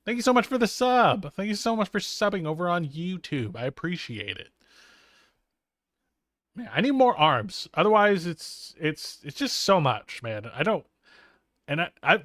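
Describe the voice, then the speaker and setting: A young streamer and artist, tired but wired on coffee, chats playfully and rambles while drawing on a live stream. His voice is a little high and a bit bright, recorded dry with studio quality.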